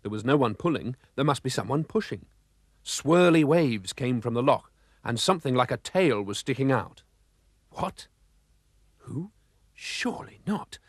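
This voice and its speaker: A man narrating a children's storybook with a lively, expressive reading. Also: medium pitch, moderate pace, no room sound, studio quality.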